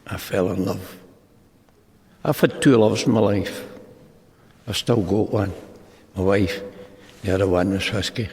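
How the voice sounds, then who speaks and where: A man's voice: on the low side, fairly even intonation, unhurried, pauses often, a little mellow. An older man with a Scottish accent sharing his story at a recovery meeting, a rambling storyteller who acts out the dialogue. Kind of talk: personal testimony talk. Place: large meeting hall. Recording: long hall reverb.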